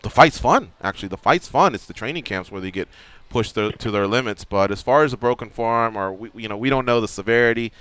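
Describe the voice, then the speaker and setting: A man hosting a sports radio show, explaining fights in an animated, emphatic way. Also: mid-range voice, fast, clean tone, no echo. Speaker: radio host.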